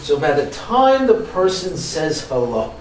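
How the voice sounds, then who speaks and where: Over a loud crowd, a man with a higher-side voice lectures at a measured pace in a training workshop. He tells animated stories and questions the audience, and the far-away mic catches plenty of room echo.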